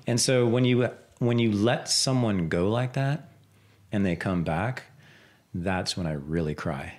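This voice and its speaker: A man's voice: fairly low pitch, measured pace. A man hosting a podcast, talking in a casual, reflective way and echoing his guest's words back. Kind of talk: casual conversation.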